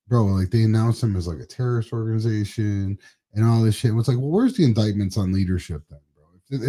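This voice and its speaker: A man's voice: on the low side, mellow. A man co-hosting a podcast in casual political chat, swearing freely, laughing often and trailing off into mumbles. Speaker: podcast co-host.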